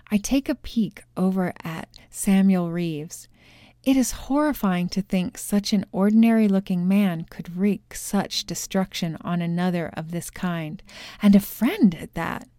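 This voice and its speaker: A woman reads a novel passage aloud in a measured, unhurried storytelling voice. Her tone is mellow and smooth. The recording is close and dry. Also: on the low side, no echo. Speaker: narrator reading a novel excerpt. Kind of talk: scripted narration.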